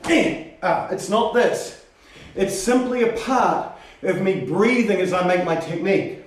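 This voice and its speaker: Guy teaching karate in a big echoey hall, slow steady talk, mic kinda far off. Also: high-pitched. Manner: demonstrative, shouts sharp counting calls. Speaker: karate instructor. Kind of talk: teaching a martial arts class. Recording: roomy training hall, voice from far off.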